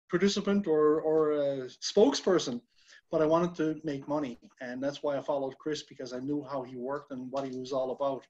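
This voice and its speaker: A man from Newfoundland, Canada, tells his story on a video call. His voice sits fairly high, and he rambles, restarting his sentences often. The sound is muffled and lo-fi. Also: a little mellow. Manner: rambling, many fillers and restarts. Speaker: guest telling his story. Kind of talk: casual testimonial.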